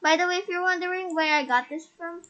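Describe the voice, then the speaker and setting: A woman's voice: extremely high pitch, fast talker, fairly bright tone. A shy, nervous woman hosting a casual game house tour. She stutters and restarts often, her voice muffled by a face mask as she records on a laptop.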